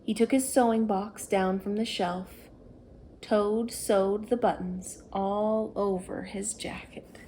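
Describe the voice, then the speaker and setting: A woman reading a children's picture book aloud, gentle and steady. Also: mid-range voice, a little hiss or hum. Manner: slow, gentle storytime reading. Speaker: storyteller. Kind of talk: children's read-aloud story.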